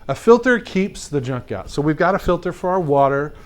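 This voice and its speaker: A man teaching a class of fifth graders, telling a personal story in an animated, chatty way, with lots of "like" and direct questions to the kids. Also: on the high side, a little fast.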